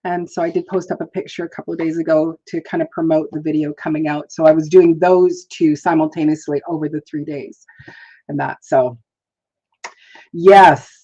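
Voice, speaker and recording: A woman's voice: low-pitched, fairly even intonation, brisk, warm tone. Chatty woman on a lo-fi livestream. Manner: rambling, chatty, laughs often, greets viewers. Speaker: livestream host. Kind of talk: casual live chat.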